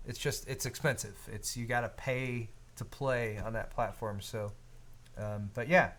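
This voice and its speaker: A man's voice: medium pitch, measured pace. A man co-hosting a live tech show, chatting casually and reading out viewer donations. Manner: relaxed, reads viewer donations aloud; frequent fillers and restarts, conversational. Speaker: co-host of a hardware show. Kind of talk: casual live-stream chat.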